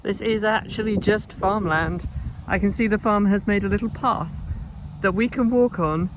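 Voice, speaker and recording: Background noise accompanies a woman's medium-pitched voice at normal speed. She is a travel vlogger narrating a casual outdoor walk through countryside, chatty, wry, and easily amused.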